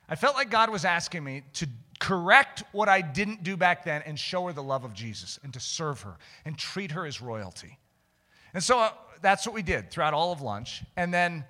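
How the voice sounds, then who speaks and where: A man preaching a sermon, telling a personal story, moving between hushed asides and shouted climaxes. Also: fairly high pitch, sing-song, a little fast. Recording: long hall reverb.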